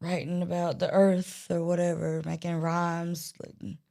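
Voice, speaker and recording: A woman's voice: fairly low pitch, monotone, measured pace, vocal fry, dark tone. Chatty Southern woman podcast guest. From Georgia, US. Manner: chatty, rambling, with many restarts. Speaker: guest singer-songwriter. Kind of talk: casual podcast interview.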